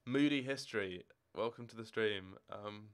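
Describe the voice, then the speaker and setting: A young man of eighteen talks casually on a game stream, wandering from one answer to the next. His voice sits a little low and sounds smooth and clean. He is from Scotland. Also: normal speed. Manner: rambling, chatty, answering chat questions as they come. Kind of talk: casual live-stream chat. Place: home room with football shirts and drawers.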